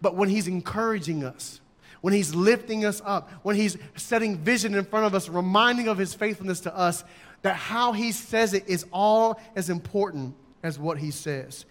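A man's voice: high voice, moderate pace. A man preaching a sermon in an emphatic way, acting out his examples in raised voices. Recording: long hall reverb.

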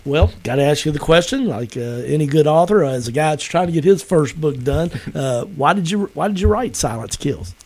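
A man's voice: a little high, lively intonation, fairly quick, few pauses, darkish tone. A man hosting an interview, talking in a friendly, chatty way with frequent fillers. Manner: friendly, chatty, many ums and restarts. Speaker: interview host. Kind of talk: casual interview chat.

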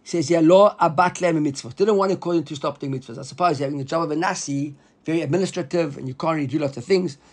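Male Talmud teacher, high voice, lively and animated lecturing. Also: fast, slightly rough. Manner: animated, acts out the quoted rabbis in a raised voice; mixes Hebrew and Aramaic terms into English.

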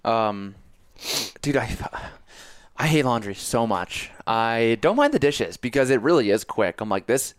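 Smooth young man telling animated stories. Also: medium pitch, unhurried, no echo, clean studio sound. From Connecticut. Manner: animated storytelling, playful exaggeration. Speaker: business coach for personal trainers. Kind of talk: casual chat.

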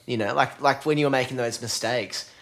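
A man's voice: medium pitch, a little fast, fairly bright tone. A man hosting a podcast, talking casually and enthusiastically and swearing freely. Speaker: podcast host. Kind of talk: casual conversation.

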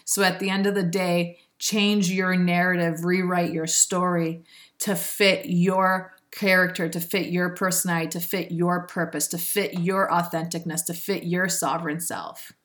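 Woman, lowish voice, motivational spiritual monologue, earnest, laughs often. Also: little pitch movement, unhurried, a bit bright. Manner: earnest, preachy, with frequent laughs. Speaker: spiritual self-help speaker.

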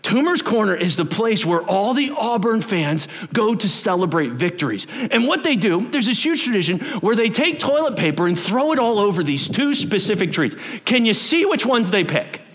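Animated high-voiced male preacher. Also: moderate pace, few pauses. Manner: animated, chatty, banters with the congregation. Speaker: pastor. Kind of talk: sermon. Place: church.

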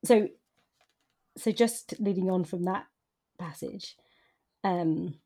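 A woman co-hosting a book podcast who agrees easily and talks with hesitant pauses. Her voice is husky and fairly low. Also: mellow. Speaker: podcast co-host. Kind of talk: casual book chat.

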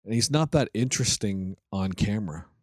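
A man's voice: fairly low pitch, animated, fairly quick, dry recording, studio quality. A man co-hosting a podcast in casual chat, conversational, often asking "right?". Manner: conversational, tag questions, frequent "right". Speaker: podcast co-host.

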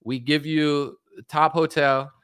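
A man's voice: a little high, slow, smooth, no room sound, studio quality, voice pushed up. A man voicing a sweet-talking menacing sheik. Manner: sweet-talking, calm threats. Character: smooth-talking male sheik, friendly but menacing.

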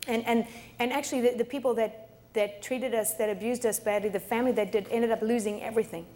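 A woman's voice: a little high, fairly even intonation, fast, mellow. A middle-aged woman pastor preaching a sermon in a chatty way, often laughing and repeating words. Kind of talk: sermon teaching.

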